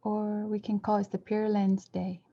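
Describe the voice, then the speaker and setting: A woman interpreting a dharma talk, speaking in measured short phrases and now and then correcting herself mid-word. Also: medium pitch, level tone, creaky. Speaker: interpreter for a Buddhist teacher. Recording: dull lo-fi recording.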